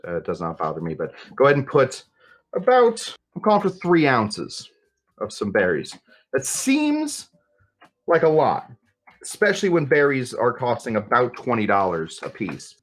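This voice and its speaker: A man hosts a casual cocktail tutorial and jokes his way through it. He rambles and exaggerates for laughs in a middle-pitched voice. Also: a bit bright. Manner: joking, rambling, playfully exaggerated. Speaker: cocktail show host.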